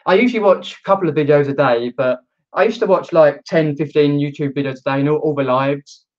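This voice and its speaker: Man, stream host, hesitant, slightly high voice, dull lo-fi audio. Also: fairly quick. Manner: hesitant, many ums and restarts, reads viewer comments aloud. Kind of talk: casual live stream chat.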